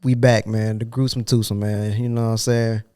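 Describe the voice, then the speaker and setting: A young podcast host chats casually, sounding stuffy and nasal from a cold, with laid-back, loose slangy talk and frequent "you know what I'm saying." His voice is fairly low, dark, and clean, delivered flatly at a normal speed.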